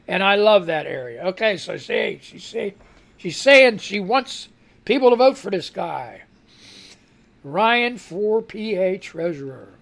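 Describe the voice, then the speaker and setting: A man's voice: sits high, very animated, takes it slowly, creaky, a bit bright. A man hosting a live radio news show, reading headlines aloud and breaking off into rambling, exasperated reactions while trying not to cough. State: fighting a cough. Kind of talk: casual live news commentary.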